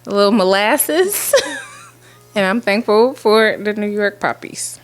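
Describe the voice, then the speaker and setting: A woman's voice: medium pitch, animated, takes it slowly. A woman in her forties co-hosting a podcast in casual chat, giggly and playful. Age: 40s. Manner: giggly, playful, sings a rap hook. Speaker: podcast co-host.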